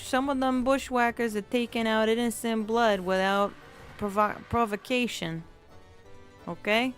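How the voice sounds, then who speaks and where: A woman streaming a game, rambling playfully and chatting with her viewers. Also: mid-range voice. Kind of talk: live game stream chat.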